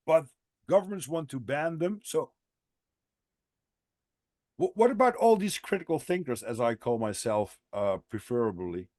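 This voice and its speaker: A man hosting a podcast, talking in a rambling, halting way with lots of restarts in a casual interview. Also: fairly high pitch, animated, a little mellow, no echo, studio quality. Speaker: podcast host.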